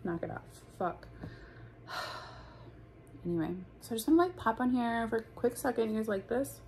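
A woman's voice: a little high, animated, normal speed, vocal fry, darkish tone, slight background noise. A young woman in a casual storytime vlog, talking bluntly and profanely with lots of "like". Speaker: vlogger.

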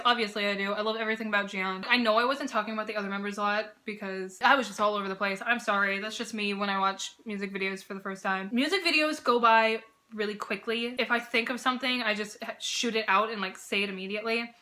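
A woman hosting a reaction video, gushing and swearing with bursts of loud exclamations. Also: medium pitch, a little fast. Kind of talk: excited reaction commentary. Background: music video playing.

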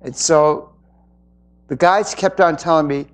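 Slow-spoken earnest man giving a spiritual talk. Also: on the high side, clear, resonant tone. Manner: earnest and reflective, with pauses. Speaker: spiritual speaker. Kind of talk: inspirational talk to an audience.

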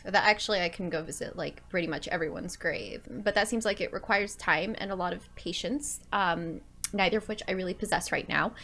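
A woman's voice: mid-range voice, a bit bright. A woman streaming a video game, chatting emotionally to viewers and swearing a lot. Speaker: gaming streamer. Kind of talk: casual let's-play commentary. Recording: game music behind voice.

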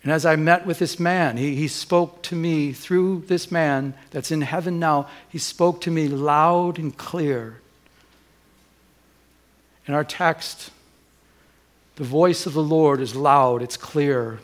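Middle-aged male pastor, animated storyteller, slightly higher voice. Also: takes it slowly. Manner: animated storytelling, acts out dialogue, many restarts. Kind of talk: sermon with personal story.

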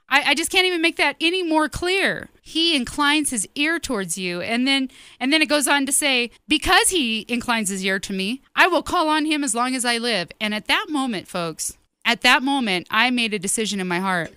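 A woman's voice: high-pitched, sharp tone, dry recording. A woman giving an earnest personal testimony sermon as host of her ministry show, speaking emphatically and directly to her listeners.

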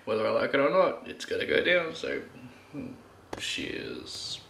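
A man's voice: medium pitch, huge pitch swings, normal speed, vocal fry. A man reviewing a drink in a casual vlog, blunt and swearing, groaning and sighing, out of breath. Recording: echoey room, faint background noise.

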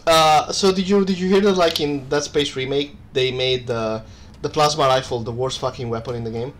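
A young man co-hosting a let's play, talking casually with lots of swearing and quick laughs. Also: mid-range voice, slight background noise. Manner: swearing, animated, laughs often. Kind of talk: casual gaming chat.

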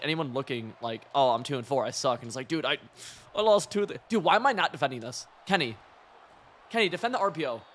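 A young man giving loose, excitable commentary while playing a football video game, chatty and profane, laughing often. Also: mid-range voice. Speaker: gaming streamer. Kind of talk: live gameplay commentary.

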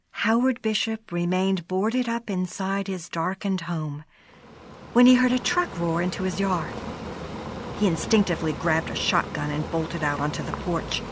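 A woman narrating a scripted ghost story in a dramatic manner, slowing down for suspense. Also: fairly low pitch, noisy background.

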